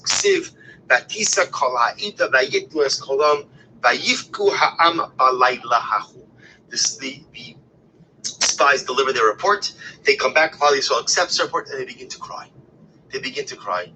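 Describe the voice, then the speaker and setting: Male Torah teacher, expressive with dips into whispers, lots of rhetorical questions, bright ringing tone. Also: mid-range voice, slight background noise, low-quality recording. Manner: expressive, shifts between loud emphasis and hushed whispers; rhetorical questions and repeated phrases. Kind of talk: text-based Torah class.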